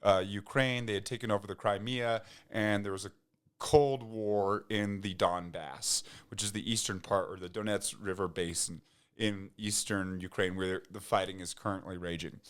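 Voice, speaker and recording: A man's voice: lowish voice, moderate pace, clear, resonant tone. A man, a podcast guest, talking in a loose casual way with many restarts and fillers. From United States. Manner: rambling, frequent restarts and fillers, laughs when excited. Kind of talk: casual conversation.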